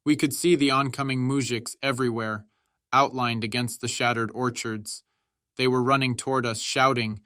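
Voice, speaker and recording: A man narrating an audiobook in a measured, steady reading style. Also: mid-range voice, dry recording, studio quality.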